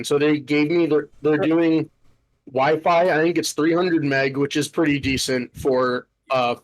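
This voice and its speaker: This podcast host, a young man, has a fairly high voice with fairly even intonation and a measured pace, recorded at low quality. His story comes out as a profane, exasperated, casual rant with lots of "like."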